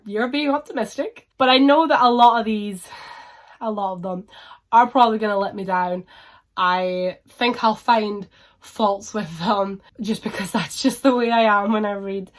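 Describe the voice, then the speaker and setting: A woman's voice: a little high, fairly bright tone. A woman book vlogger talking casually to camera at home, chatty and frank, rambling through her reading plans.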